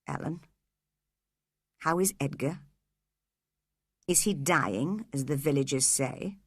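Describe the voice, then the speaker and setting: A woman voicing a cruel, scheming older man who speaks low, quiet and menacing. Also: animated, very slow, no echo, studio quality, exaggerated voice.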